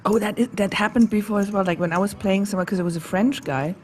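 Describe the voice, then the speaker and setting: A woman's voice: mid-range voice, fast talker, a little mellow, a little hiss or hum. A woman from Germany co-commentating live poker with giggly, chatty banter.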